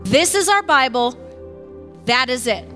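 A woman giving an animated, emphatic talk on faith, often acting out what other people say. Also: high voice, a little slow, faint music behind. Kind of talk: casual teaching talk on faith.

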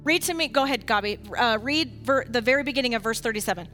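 A woman leading an interactive bible study for a group, swinging from quiet asides to loud, emphatic preaching. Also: fairly high pitch, quick pace, faint music behind. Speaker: bible teacher.

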